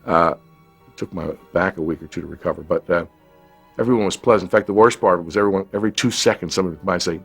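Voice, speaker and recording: A deep-voiced actor calmly looks back on a shoot, stumbling now and then as he talks. Faint music plays behind him. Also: gravelly, breathy edge. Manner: reflective, measured with hesitant restarts. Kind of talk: interview recollection. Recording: light music underneath.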